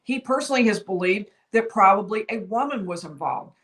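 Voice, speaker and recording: Host, woman, legal commentary stream, measured and explanatory, voice slightly worn. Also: medium pitch, expressive, a bit bright, low-quality recording. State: slightly losing her voice. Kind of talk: livestream commentary. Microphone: streaming setup.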